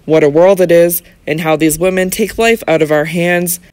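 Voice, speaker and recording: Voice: mid-range voice, fairly even intonation, normal speed, clean tone, dry recording, natural voice. An audiobook narrator voicing a young male barrister who questions people politely and formally. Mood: probing.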